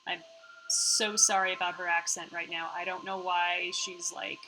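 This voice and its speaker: A woman's voice: fairly low pitch, little pitch movement, normal speed, over music, low-quality recording. A woman streamer reading a story game aloud, casually narrating with chatty, playful asides.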